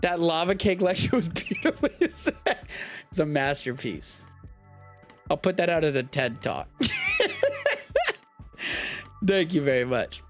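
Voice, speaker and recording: A man's voice: fairly high pitch, big pitch swings, moderate pace, soft background music. A young man from Texas hosting a live stream, chatting casually and riffing with profanity. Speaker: host of a live streamed show.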